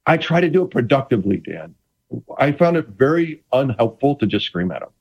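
Middle-aged male ex-quarterback guest, animated and restarting, lo-fi line. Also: mid-range voice, brisk, vocal fry, slightly rough. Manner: animated, rambling with many restarts, playful. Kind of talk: casual interview chat.

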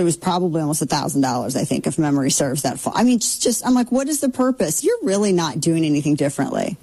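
A woman's voice: low-pitched, warm tone, slightly rough, poor audio. A middle-aged woman hosting a casual commentary show, talking in a sarcastic, opinionated way with mocking asides.

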